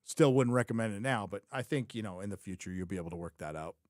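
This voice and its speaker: He talks fast in an expressive, slightly mellow voice on the low side, with no echo on the recording. Hosting a live show that reviews a TV series, he offers casual, opinionated livestream commentary, rambling, thinking out loud, self-correcting often, and repeating his own phrases for emphasis.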